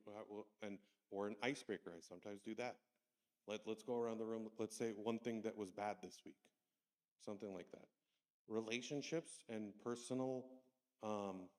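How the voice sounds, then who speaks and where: A man's voice: fairly low pitch, a little mellow. Conversational man in a reverberant church hall. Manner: conversational, anecdotal, acts out kids' voices. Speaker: Sunday school teacher trainer. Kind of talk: church workshop talk.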